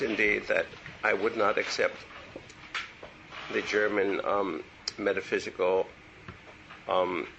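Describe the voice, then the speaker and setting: A man's voice: lowish voice, vocal fry, fairly bright tone, a little hiss or hum, rough recording. An older man giving a meandering university lecture on poetry, full of digressions and asides. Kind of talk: classroom lecture. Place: lecture room.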